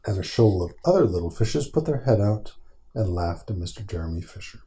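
A father with a deep, warm, mellow voice reads a storybook aloud to his small child. He is gentle and patient, pausing now and then to answer the little one's questions before reading on. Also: lively intonation, a little hiss or hum.

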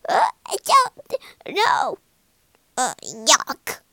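Woman voicing a stubborn, high-pitched young girl, defiant; dry close recording. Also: huge pitch swings, drawn-out words, gravelly, sharp tone, no room sound, full character voice.

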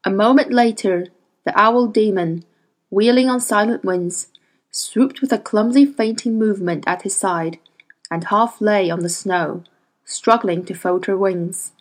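A woman reading a novel aloud as audiobook narrator, measured and expressive. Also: mid-range voice, poor audio. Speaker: audiobook reader. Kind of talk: scripted narration.

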